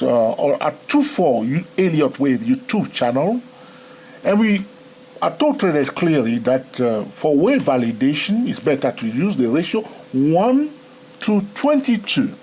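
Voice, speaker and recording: A trading educator with a non-native English accent talks through a live, screen-recorded trading tutorial in a chatty, animated teaching voice. His pitch rises and falls a lot as he keeps checking in with the listener, repeating "okay?" and "my friend." A faint hiss of background noise sits beneath his voice.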